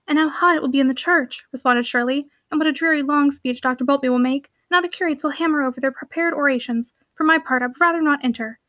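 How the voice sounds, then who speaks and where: A bold young heiress, playful and commanding, who teases her friends with quick confidence, as a woman reads her. The voice is high and bright, with a sharp ring to it. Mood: wry. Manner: lively, teasing and commanding. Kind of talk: audiobook character reading.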